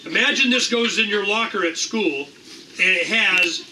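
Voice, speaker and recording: Bright, irreverent man talking from afar. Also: high-pitched, normal speed. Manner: rambling, irreverent, swears casually. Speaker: host of a liberty meeting. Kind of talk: animated casual talk to a room. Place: meeting room. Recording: distant mic in a room, faint noise.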